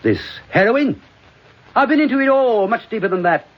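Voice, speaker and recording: A man's voice: extremely high pitch, animated, moderate pace. A man playing a drunk, bitter has-been comedian. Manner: rambling, sardonic, swinging from mutters to outbursts. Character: drunk washed-up middle-aged comedian, bitter and self-mocking. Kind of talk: stage monologue. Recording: dull lo-fi recording.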